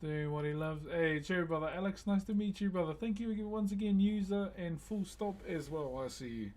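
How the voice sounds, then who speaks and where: A man's voice: high voice, fairly quick, darkish tone. A man who carves wood on a live stream, chatting in a laid-back way and calling viewers "bro". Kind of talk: casual live-stream chat.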